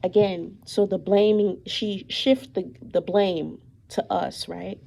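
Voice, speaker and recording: Young woman, casual monologue, accusing and emphatic; slow, gravelly, dark tone. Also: medium pitch, rough recording. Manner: animated, repetitive, emphatic with many fillers; suspicious, accusatory tone about her mother.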